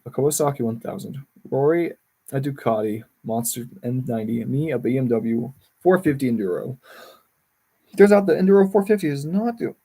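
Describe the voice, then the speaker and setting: Husky man reading a memoir aloud. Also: mid-range voice, warm tone. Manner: stumbles and corrects words as he reads. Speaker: livestreamer reading a book.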